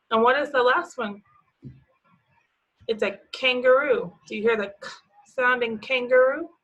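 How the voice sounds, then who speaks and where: A young preschool teacher leads a lesson in a bright, slightly high voice, speaking very slowly and patiently. She asks the children simple questions and encourages them as she answers, and the recording is low quality.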